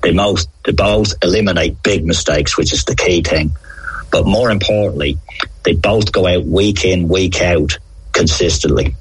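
Husky, low-pitched man, middle-aged, lively storyteller, on radio. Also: moderate pace, low-quality recording. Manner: animated anecdotes, acts out quoted players. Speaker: former referee, interview guest. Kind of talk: conversational interview storytelling.

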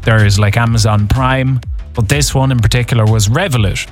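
A man's voice: medium pitch, steady tone, fairly quick, soft background music. A man hosting an evening radio show, telling a story in a chatty, casual way. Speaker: radio host.

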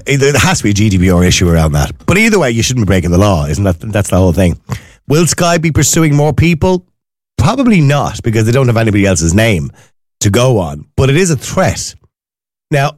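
A man with an Irish accent hosting a late-night radio talk show, chatting in a lively, rambling way with asides. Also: lowish voice, dry recording, clean studio sound.

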